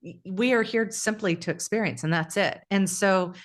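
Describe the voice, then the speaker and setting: A woman's voice: medium pitch, moderate pace. A woman co-hosting a casual spiritual podcast, talking in a reflective, storytelling way with frequent restarts. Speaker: podcast co-host.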